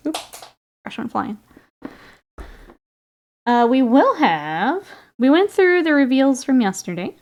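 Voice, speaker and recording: A woman's voice: sits high, big pitch swings, takes it slowly, long pauses, a little mellow. A woman streaming while painting miniatures, chatting casually with viewers, reading their comments and laughing often. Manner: chatty, laughs often, reads and answers chat.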